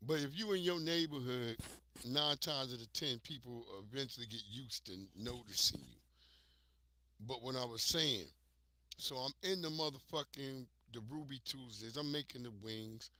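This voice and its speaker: An American man hosting a livestream, telling stories in a casual, profane, animated way to his viewers. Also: mid-range voice, normal speed, dry recording. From United States. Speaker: livestream host.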